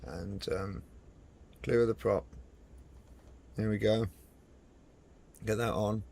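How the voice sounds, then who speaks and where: A man's voice: on the low side, fairly even intonation, takes it slowly, vocal fry, darkish tone. A man streaming a flight simulator, chatting casually and muttering in frustration at his plane. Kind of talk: casual live-stream commentary.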